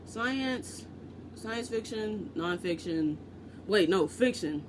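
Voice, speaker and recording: Man from the US, book vlogger, loose chatty delivery, pitched high. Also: lively intonation, slow, background noise. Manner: chatty, self-interrupting, joking asides. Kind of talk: casual rambling vlog chat.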